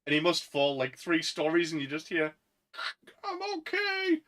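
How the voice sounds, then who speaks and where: A bright, fairly high-pitched young man with a Northern English accent rambles through a casual podcast chat. He keeps reaching for "um" and "like" as he goes. His tone stays light and forward. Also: steady tone, a little fast, rough recording. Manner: rambling, lots of "um" and "like". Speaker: podcast co-host.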